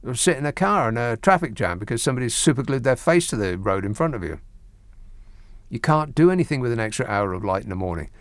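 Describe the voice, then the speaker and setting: Quick and very animated, a middle-aged male radio host chats on a late-night phone-in through a dry studio microphone, his mid-range voice free of echo. He rambles wryly, with mock-outraged rants and hesitant restarts.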